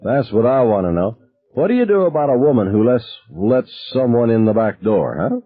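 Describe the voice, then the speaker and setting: A man's voice: mid-range voice, big pitch swings, normal speed, dry recording, voice pushed up. A man voicing a very drunk, crude middle-aged man at a campfire, rowdy and egging the others on. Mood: goading. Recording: narrow phone-like sound.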